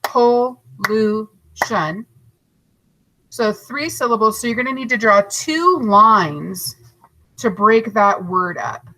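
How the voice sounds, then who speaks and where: A woman teaching a third grade class in a recorded lesson, patient and encouraging, stretching words out slowly to split their syllables. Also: on the high side, pushed and bright, rough recording. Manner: slow, overarticulated syllables and spelling.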